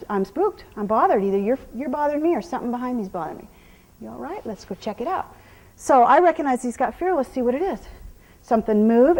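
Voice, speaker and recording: A middle-aged woman horse trainer explaining groundwork outdoors, calmly talking viewers through each step and praising the horse. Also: high voice, poor audio. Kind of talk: instructional clinic talk while working a horse.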